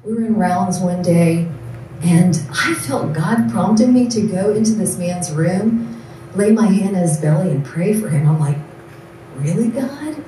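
A woman tells earnest testimony stories in a mellow voice, slipping into the voices of the people in them. She sounds distant from the mic, in a very reverberant hall, with faint ambient noise. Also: fairly low pitch, measured pace. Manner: earnest storyteller, acts out quoted voices. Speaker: nurse giving a testimony. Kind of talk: personal testimony speech. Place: large event hall. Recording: echoey room from far off.

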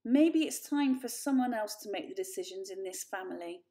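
A woman voicing a domineering father cat who speaks loudly and commands. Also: medium pitch, animated, moderate pace, natural voice. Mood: dismissive. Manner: loud and commanding.

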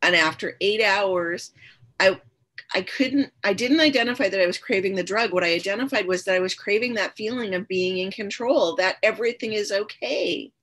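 A woman appears as a podcast guest, telling her own story with candor and earnestness, often repeating phrases for emphasis. Her mid-range voice is a bit bright and moves at a moderate pace.

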